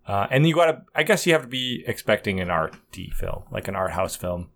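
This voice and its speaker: Lowish guy rambling on a podcast, lots of ums, jokey. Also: big pitch swings, a little fast, vocal fry, a bit bright, slight background noise. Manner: rambling, hesitant, joking. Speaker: podcast guest. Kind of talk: casual chat.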